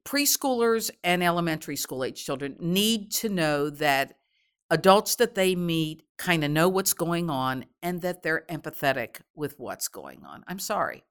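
A middle-aged woman answering interview questions in a gentle, measured, explanatory way, as a guest expert on children and grief. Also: low-pitched, very animated, clean tone.

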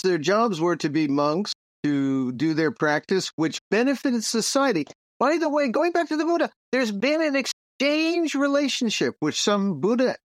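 Animated New man hosting a podcast. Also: sits high, no room sound, clean studio sound. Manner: animated, jokey storyteller. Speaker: podcast host and Zen teacher. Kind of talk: casual podcast discussion.

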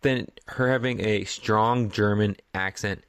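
A man's voice: lowish voice, fairly even intonation, measured pace, smooth, dry recording, clean studio sound. A man in casual chat about a film, speaking matter-of-factly and correcting the others. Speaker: podcast co-host, film reviewer.

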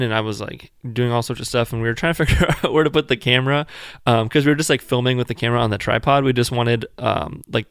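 Man, casual storytelling, rambling, smooth clear voice, dry close sound. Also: mid-range voice, fairly bright tone, dry recording. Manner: rambling, full of "like", jokes around. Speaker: new father telling a birth story.

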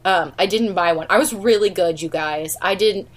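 A chatty woman co-hosts a casual podcast, drifting from one tangent to the next. Her voice sits somewhat low, and she breaks into laughter often. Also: moderate pace. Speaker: podcast co-host. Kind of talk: casual chat.

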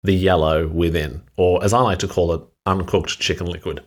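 A man co-hosting a podcast, talking in a wry, deliberate, casual way. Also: low voice, steady tone. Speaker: podcast co-host. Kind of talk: casual chat.

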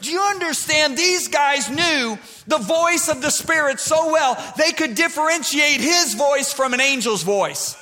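A man preaching a sermon in a church, animated and building to shouts. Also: extremely high pitch, a little slow, hardly any pauses, in a large hall.

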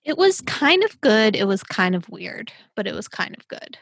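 Playful woman host, clue-reader, bright voice, dry booth sound. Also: medium pitch, sing-song, normal speed, gravelly, dry recording. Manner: playful, wordplay-loving. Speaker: podcast host. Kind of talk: casual chat, reading crossword clues.

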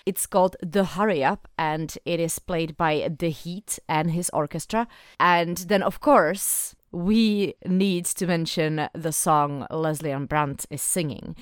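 A woman co-hosting a casual fan podcast, talking in a lively, opinionated way. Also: smooth, no room sound, studio quality. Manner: lively, opinionated, quick shifts in pitch. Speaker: podcast co-host.

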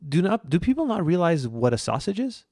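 Laid-back canadian guy, gravelly, lively pitch, jokey podcast banter. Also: fairly quick, no room sound, clean studio sound. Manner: joking, laid-back, hesitant restarts. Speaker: podcast co-host. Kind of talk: casual podcast chat.

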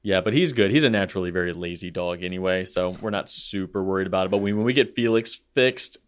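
A man, a podcast co-host telling long rambling stories in casual chat, with many fillers and lively retold scenes. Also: low-pitched, fast, smooth. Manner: animated when retelling scenes.

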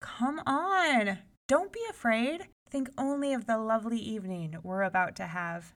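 A woman's voice: a little high, measured pace, a bit bright. A woman voicing a haughty eldest princess who scolds her younger sister impatiently. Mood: scolding. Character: bossy scornful eldest princess.

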